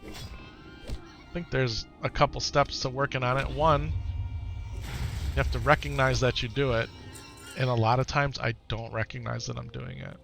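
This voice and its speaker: A middle-aged man with a gravelly, fry-edged voice of ordinary pitch chats live to his stream audience. He talks earnestly and reflectively, circling back to repeat his points, with soft music playing faintly behind him. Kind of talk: casual chat to stream viewers.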